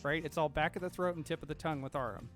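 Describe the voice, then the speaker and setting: A man running a tabletop game as game master, narrating in a relaxed, hesitant way. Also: on the high side, racing, soft background music.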